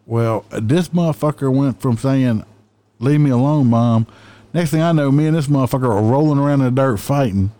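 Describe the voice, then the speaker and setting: A man's voice: mid-range voice, a little fast, few pauses, mellow, dry recording. A man, a police officer, casually telling a story in a laid-back, profane way and laughing through his lines.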